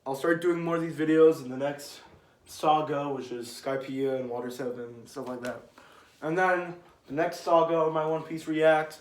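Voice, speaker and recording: A man rambling casually and excitedly about his favorite manga arcs, swearing and trailing off. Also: mid-range voice, echoey room. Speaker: manga video creator.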